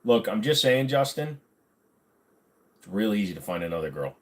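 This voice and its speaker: A man's voice: lowish voice, big pitch swings, moderate pace. A man hosting a casual livestream from home, reading viewer comments in a crude, joking, laid-back way. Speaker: livestream host. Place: at home, on bed rest.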